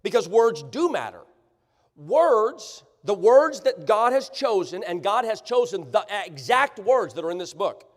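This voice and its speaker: A man preaching a sermon, sarcastic and animated, often checking that the congregation follows him. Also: high voice, unhurried. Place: church sanctuary. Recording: church livestream, long hall reverb.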